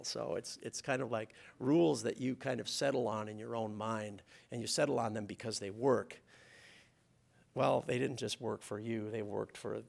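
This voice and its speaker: Gravelly low-voiced man giving a talk. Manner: conversational, hesitant with many fillers and restarts. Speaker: guest speaker. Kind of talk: public talk. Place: lecture hall.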